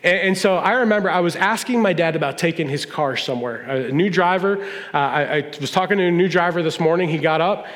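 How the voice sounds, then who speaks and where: A man's voice: a little high, fairly quick, fairly bright tone. A middle-aged man, a pastor, preaching a humorous storytelling sermon and acting out family dialogue. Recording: long reverb of a large hall.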